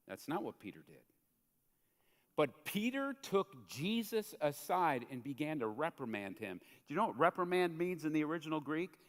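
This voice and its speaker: A man preaching a sermon as a pastor in a church, in a conversational, animated way that acts out the quotes he tells. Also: a little high, moderate pace. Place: church sanctuary. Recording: church hall reverb.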